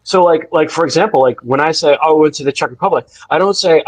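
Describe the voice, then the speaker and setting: A man's voice: fairly high pitch, quick pace, no echo, rough recording. A man co-hosting a casual live-stream chat, telling stories animatedly and laughing often.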